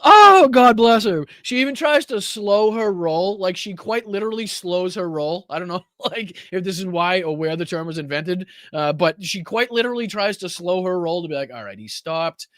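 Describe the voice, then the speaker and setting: A man's voice: high voice, moderate pace, few pauses, a bit bright, no echo, clean studio sound. A man hosting a political podcast in a casual, mocking style, swearing freely and laughing as he comments. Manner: mocking, profane, laughs often. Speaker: podcast host.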